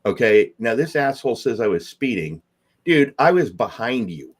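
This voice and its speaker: A man's voice: mid-range voice, normal speed. A middle-aged man co-hosting a podcast in casual chat, telling stories and acting out the people in them. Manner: storytelling, animated voices for quoted people. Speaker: podcast co-host.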